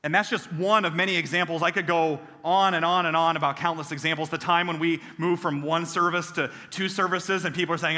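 A man's voice: high voice, fairly quick, few pauses, big-room sound. A man preaching a sermon in a church sanctuary, telling stories and acting out the voices of the people in them. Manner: animated, acts out quoted voices with self-deprecating humor. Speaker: pastor. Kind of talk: sermon with personal storytelling.

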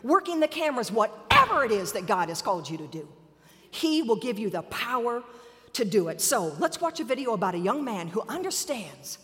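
Lively woman preaching in a big hall. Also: on the high side. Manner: rising to fervent, climactic exhortation. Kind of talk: sermon. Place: church sanctuary. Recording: long reverb of a large hall.

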